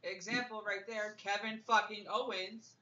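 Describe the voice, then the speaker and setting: A man's voice: sits high, steady tone, moderate pace, pushed and bright, roomy sound, highs cut off, slight background noise. A man making arguments with examples in a casual wrestling chat. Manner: argumentative, makes points with examples.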